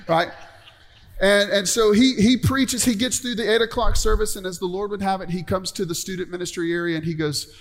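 Middle-aged male pastor, chatty sermon delivery that asks for amens, a touch high-pitched, recorded in an echoing sanctuary. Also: a little fast. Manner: conversational, calls out for amens. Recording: long hall reverb.

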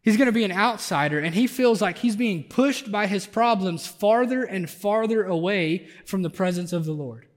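High-voiced man preaching in a reverberant hall. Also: normal speed, hardly any pauses. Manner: conversational preaching, rising intensity on emphatic points. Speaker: pastor. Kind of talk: sermon. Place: church sanctuary.

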